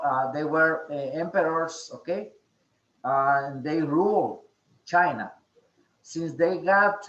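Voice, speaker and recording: Man, english teacher, slow deliberate speech, somewhat high voice, echoey muffled call audio. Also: a bit bright. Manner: slow, repeats "okay?" often, hesitant fillers. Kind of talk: online class instruction.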